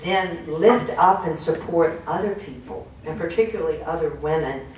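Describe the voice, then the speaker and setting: A woman's voice: low voice, moderate pace, darkish tone. A woman giving a folksy motivational talk to a room, often putting questions to the audience. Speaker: speaker at a women's business network. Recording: echoey room, distant mic, faint noise.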